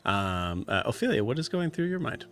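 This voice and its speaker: A man's voice: mid-range voice, sing-song, normal speed, a bit bright, soft background music. A man as game master, narrating a tabletop game in a rambling way full of fillers.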